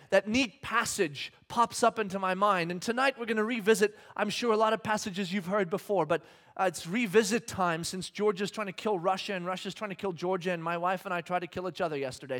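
A man in his thirties delivers a sermon with a high voice, mixing personal stories with scripture. He acts out the scenes he describes and jokes at his own expense. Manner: animated storyteller, acts out scenes, self-deprecating humor. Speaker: pastor. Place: church hall with congregation.

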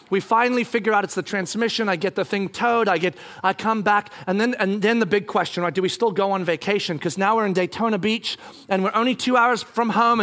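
A middle-aged male pastor tells a family story from the pulpit, joking as he goes and slipping into other people's voices. His voice sits high for a man. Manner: animated, jokey, acts out voices. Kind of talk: sermon storytelling.

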